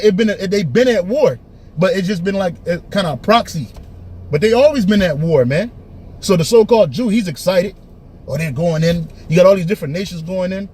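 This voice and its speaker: A man with a high, husky voice preaching in a blunt, emphatic way. He keeps tagging sentences with "man" and circles back to repeat his points. His delivery is loose and conversational, yet it hammers each point home. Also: a little mellow. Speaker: teacher. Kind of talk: preaching street-style commentary.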